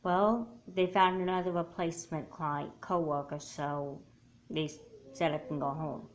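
A woman's voice: low voice, steady tone, unhurried, a little hiss or hum. Woman doing a stern scolding mother. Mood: relaxed. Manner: scolding and blunt. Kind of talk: home doll-movie voice acting.

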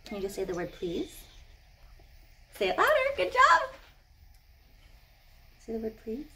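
A woman's voice: a little high, a little slow, a little hiss or hum. A woman teaching a sign language class to young children, upbeat and encouraging, often gasping with delight at their answers. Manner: animated, encouraging, gasps with delight.

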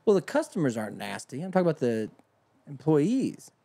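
A man's voice: fairly high pitch, wildly swooping pitch, a little fast, gravelly, warm tone. A man in his fifties hosting a casual podcast chat, ranting with exasperation and plenty of swearing. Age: 50s. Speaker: podcast host.

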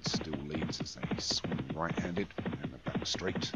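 Very deep-voiced man calling a game horse race. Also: slow pace. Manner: chatty, jokey, self-correcting. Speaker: race commentator. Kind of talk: amateur horse racing commentary over a game. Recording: dull lo-fi sound with loud music.

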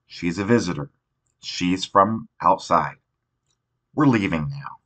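A man doing a gruff, impatient warrior who barks short commands. The voice is low and forceful, with a bright edge, and it is read as part of a storybook. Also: lively intonation, slow pace, exaggerated voice. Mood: brusque. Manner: brusque, curt commands.

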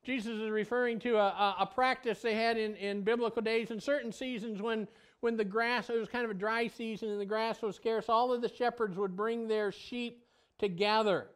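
Smooth-voiced pastor preaching. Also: male voice, steady tone, normal speed. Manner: swings from loud exclamations to a hushed, low voice. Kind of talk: sermon.

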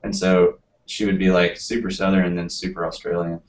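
A man's voice: deep voice, fairly quick. A young man from Nashville, a band member being interviewed, chatting casually with lots of fillers. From Nashville, USA. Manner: relaxed, hesitant with many fillers.

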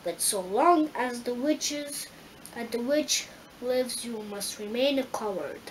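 A woman voicing a grand, commanding wizard in a storybook reading, speaking slowly and solemnly. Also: on the high side, a little hiss or hum, low-quality recording.

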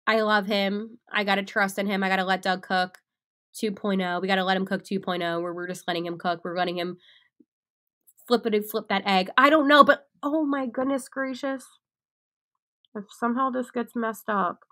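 A young woman hosts a solo sports podcast with a bright, sharp edge to her voice. She talks in an animated, excitable way and often laughs at herself. Her pitch sits in a middle range for a woman. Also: a little fast. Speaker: podcast host.

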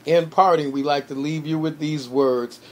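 A man's voice: a little high, fairly even intonation, moderate pace, darkish tone. A man, a pastor hosting a prayer call, giving closing announcements and a benediction, with many fillers and repeated amens.

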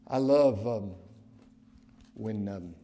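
This male pastor's sermon sits on the low side of the pitch range. Forceful, loud statements give way to near-whispers, and important phrases land slowly and with weight.

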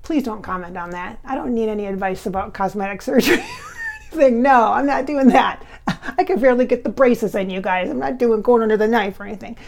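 A chatty, giggly woman with slightly blurred S sounds from clear braces, talking casually to camera from home as a medium. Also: a little high, sing-song, fairly quick, slight background noise. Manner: chatty and giggly, many fillers and restarts. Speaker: spiritual medium and channel host.

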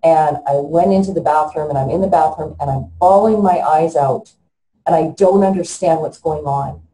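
A woman in her fifties, an interview guest telling her own story in a halting, earnest way with frequent restarts. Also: low voice, mellow, roomy sound, a little hiss or hum, poor audio.

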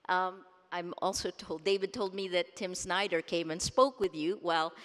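A low-pitched woman gives an emphatic keynote speech into a podium microphone. She is from the Philippines and stresses her points by repeating words. Her voice carries a long echo through a big conference hall. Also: fairly even intonation, moderate pace, a bit bright. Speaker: keynote speaker. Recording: long reverb of a large hall.

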